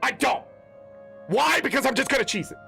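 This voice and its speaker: Male gaming creator, high bright voice, gravelly, exasperated swearing rant over faint music. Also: expressive, fairly quick. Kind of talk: ranting commentary.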